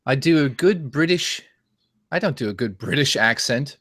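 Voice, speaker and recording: A man's voice: mid-range voice, expressive, normal speed, a bit bright. A young man, a guest YouTuber, chatting casually and joking around with impressions. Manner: jokey, trying out silly impressions. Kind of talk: casual livestream chat.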